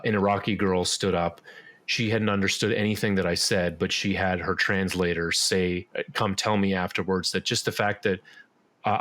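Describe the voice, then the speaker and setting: A man's voice: sits low, fairly bright tone. A man speaking as a podcast guest in casual interview chat, rambling with lots of fillers and restarts. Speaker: podcast guest, musician and actor.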